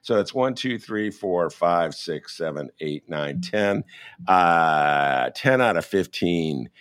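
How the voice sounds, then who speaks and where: A male host with a lowish voice talks in a casual interview. His pitch swings widely, from quiet mutters to excited, animated bursts. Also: slow, clear, resonant tone.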